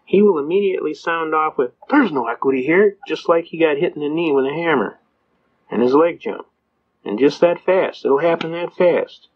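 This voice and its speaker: A man's voice: fairly high pitch, normal speed. An older man, an attorney, lecturing and telling folksy courtroom stories in which he acts out the judge, the cop and the defendant, chuckling as he goes. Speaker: constitutional attorney speaker. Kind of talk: anecdotal lecture with acted quotes. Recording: dull lo-fi recording.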